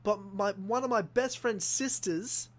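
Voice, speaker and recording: Young aussie guy, high voice, animated storytelling, swears a lot, acts out what people said. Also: a little slow. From Australia. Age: young adult. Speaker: podcast host. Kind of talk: casual chat.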